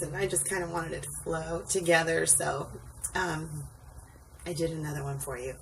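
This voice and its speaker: A woman with a low, bright, forceful voice speaks at normal speed with fairly even intonation. She's a rideshare driver vlogging casually from home on a wobbly stool, tired late at night, telling a rambling story packed with ums and side comments. The mic is distant, with faint noise behind her.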